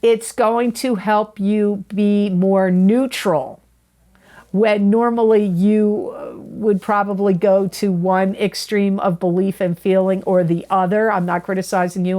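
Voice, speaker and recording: This tarot reader speaks at medium pitch in a steady, mellow tone, a little slowly. Addressing the camera with a monthly astrology forecast, she is chatty and earnest, often repeating and self-correcting.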